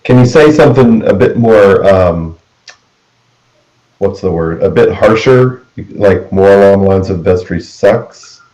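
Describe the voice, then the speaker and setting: A man hosting a casual group chat, easygoing and quick to laugh. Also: lowish voice, animated, warm tone, roomy sound, dull audio.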